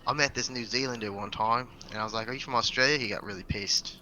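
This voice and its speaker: A man's voice: medium pitch, fast talker, bright, forceful tone. A man co-hosting a podcast, chatting casually and telling rambling stories. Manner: rambling, laid-back storyteller. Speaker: podcast co-host. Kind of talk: casual chat.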